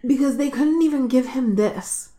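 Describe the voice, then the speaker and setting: A woman's voice: high-pitched, normal speed, mellow. A woman co-hosting a casual book discussion, retelling the story with emotion and playful voiced asides. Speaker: podcast co-host.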